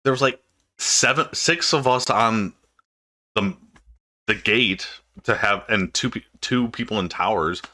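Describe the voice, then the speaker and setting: A young man co-hosts in casual chat, laid-back and halting as he restarts his sentences. His voice sits fairly low but sounds bright and forceful. The delivery is relaxed, everyday talk. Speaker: podcast co-host.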